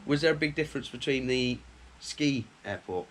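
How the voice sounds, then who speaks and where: A man's voice: mid-range voice, moderate pace, a little hiss or hum. A man co-hosting a casual chat, talking in a friendly, chatty way about his time as a holiday rep. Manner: chatty, plugs a travel business. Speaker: podcast co-host.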